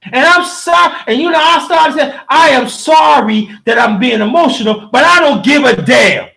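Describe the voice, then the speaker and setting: A man hosting a livestream in a heated, preachy rant, often shouting and speaking straight to his listeners while reading the chat. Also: very high voice, animated, normal speed, vocal fry.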